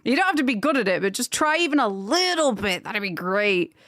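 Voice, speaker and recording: A young woman chatting casually on a live stream, rambling and gushing when excited. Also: on the high side, brisk, dry recording, clean studio sound.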